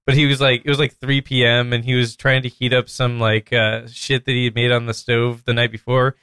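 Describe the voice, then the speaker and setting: A young man from Alaska co-hosting a podcast, telling animated stories with frequent laughs and casual swearing. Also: mid-range voice, fairly quick, clear, resonant tone, no echo, studio quality. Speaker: podcast co-host.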